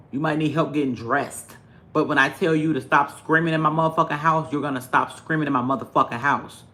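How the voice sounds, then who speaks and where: A man's voice: fairly high pitch, pushed and bright. A man, ranting profanely and animatedly to his livestream viewers. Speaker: live streamer.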